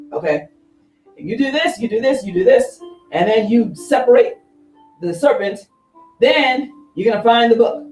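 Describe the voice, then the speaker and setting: A woman reverend retelling an ancient tale in a lively, conversational sermon, acting out the characters as she goes. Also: mid-range voice. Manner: animated, conversational, acts out characters. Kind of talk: storytelling sermon. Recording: echoey room, far from mic, faint music.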